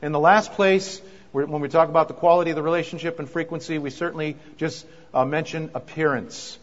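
A man preaching at a marriage conference, moving from quiet asides to fervent, rising preaching. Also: fairly high pitch, fairly even intonation, brisk. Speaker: pastor. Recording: dull sound with long hall reverb.

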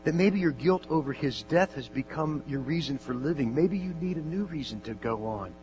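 A man voicing a calm, noncommittal female hospital chaplain who speaks softly and hedges. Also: on the high side, normal speed, music in the background, close to an everyday voice. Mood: soothing. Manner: soft, gentle, hedging. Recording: dull lo-fi with mains hum.

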